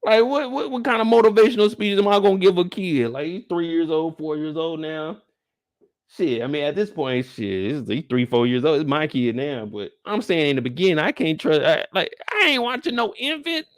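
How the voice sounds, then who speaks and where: A man's voice: a little high, animated, moderate pace, dry recording, studio quality. A young man hosting a live after-show discussion, telling loose, profane, rambling stories. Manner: loose, profane, storytelling riffs. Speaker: show host.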